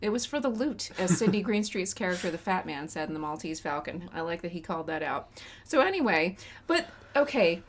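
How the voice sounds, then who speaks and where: A woman's voice: fairly low pitch, sing-song, fairly quick, a little hiss or hum. A woman from West Texas co-hosting a casual movie podcast, recapping the plot with sarcastic, opinionated asides. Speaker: podcast co-host. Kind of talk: casual movie review chat.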